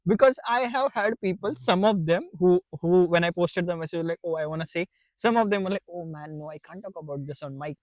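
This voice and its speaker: High-voiced podcast host signing off. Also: male voice, a little fast, hardly any pauses, dry recording, poor audio. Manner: brief encouraging responses, relaxed sign-off. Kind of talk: casual interview chat.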